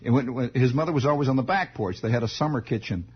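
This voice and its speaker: A man's voice: mid-range voice, fast talker, breathy edge. A man hosting a radio show who tells a rambling, digressive childhood story and chuckles as he goes. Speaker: radio host. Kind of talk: improvised radio storytelling monologue. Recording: dull lo-fi 1960s radio broadcast.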